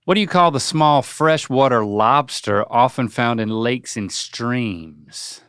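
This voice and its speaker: A man's voice: medium pitch, slow, a bit bright, clear, resonant tone, dry recording, clean studio sound. A young man hosting a casual chat, quizzing his father and joking playfully as he rattles off lists. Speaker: podcast host. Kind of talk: casual chat, quiz questions.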